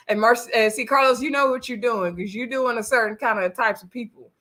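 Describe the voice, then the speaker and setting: A woman's voice: on the high side, fast, hardly any pauses, pushed and bright. A woman hosting a casual live recap of a reality show, chatty and sassy, talking straight to her viewers as y'all. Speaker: host reviewing a reality show.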